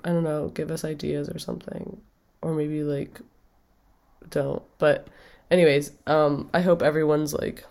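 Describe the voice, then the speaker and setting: A young woman hosting a casual radio show, stuffy with a cold, talking with vocal fry and rambling with lots of fillers. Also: sits low, level tone, measured pace, a little mellow. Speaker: radio host. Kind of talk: casual chat.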